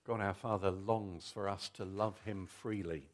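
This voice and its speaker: A man's voice: low-pitched, fairly even intonation, unhurried. A middle-aged man preaching a Father's Day family sermon, telling a story vividly and coaxing children to act it out.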